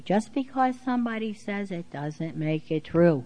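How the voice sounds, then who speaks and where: Middle-aged woman preacher, earnest and chatty, mid-pitched voice, easy conversational sermon. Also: lively intonation, a little slow, warm tone, poor audio. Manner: earnest, conversational preaching with many "you know" fillers. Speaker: preacher and preschool teacher.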